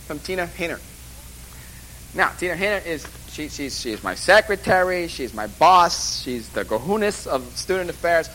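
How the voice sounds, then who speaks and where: A man's voice: fairly high pitch, expressive, moderate pace, sharp tone, slight background noise, low-quality recording. A man lecturing a class at a course orientation, rambling and joking with emphatic asides. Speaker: college instructor.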